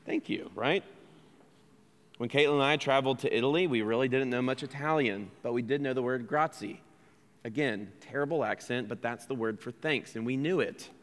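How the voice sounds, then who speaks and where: A man's voice: mid-range voice, fairly quick, fairly bright tone, in a large hall. An American man preaching a sermon as pastor, earnest and conversational, asking his listeners questions and poking fun at himself. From United States. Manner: earnest, conversational preaching with rhetorical questions and self-deprecating asides. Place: church sanctuary.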